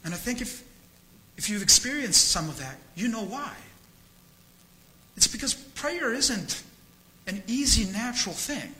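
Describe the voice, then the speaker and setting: A man's voice: high voice, sing-song, measured pace, long pauses, bright, forceful tone, rough recording. A man preaching a sermon as pastor, earnest and candid, repeating phrases for emphasis. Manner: candid, self-disclosing.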